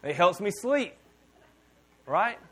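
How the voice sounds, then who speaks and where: A male pastor in his thirties delivers a sermon in an easygoing, conversational way. He keeps checking in with the congregation and wanders into side remarks. His speaking voice sits somewhat high for a man. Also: sing-song, slow, fairly bright tone, husky. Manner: casual, conversational preaching with asides to the audience. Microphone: podcast mic.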